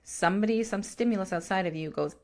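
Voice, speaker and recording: A woman's voice: mid-range voice, fast. A woman co-hosting a podcast, talking bluntly and swearing freely in a coaching tone, with laughs along the way. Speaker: podcast co-host. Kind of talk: casual podcast chat.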